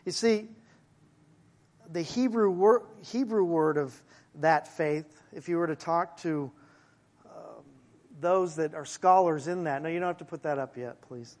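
A male pastor preaching a sermon in a conversational way, with asides to the congregation and slowing down to stress key phrases. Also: fairly high pitch, a little mellow.

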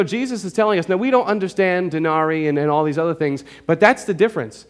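Guy preaching a sermon, kinda high voice, chatty and punchy, keeps asking okay?. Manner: emphatic, conversational preaching with frequent "okay?" check-ins. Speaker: pastor. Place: church in front of a congregation.

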